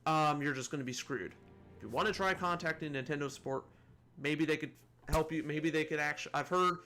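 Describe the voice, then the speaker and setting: A man's voice: fairly high pitch, brisk, pushed and bright, faint music behind. A man hosting a casual gaming commentary video, rambling with lots of restarts and asides. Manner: rambling, many restarts and asides, chuckles at own jokes.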